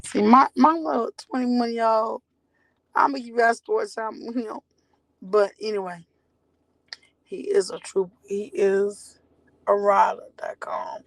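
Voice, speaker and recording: A woman's voice: a little high, fairly even intonation, unhurried, creaky, pauses often, no room sound, low-quality recording. A woman in her forties, a mother talking candidly to her viewers in a blunt, rambling way and swearing freely. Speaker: mother telling her story. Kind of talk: candid direct-to-camera talk.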